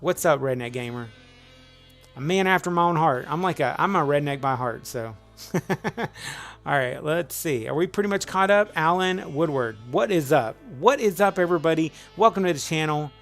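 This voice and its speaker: A man's voice: on the high side, moderate pace, fairly bright tone, faint music behind. A middle-aged man hosting a casual live trivia stream, rambling and upbeat as he greets viewers by name.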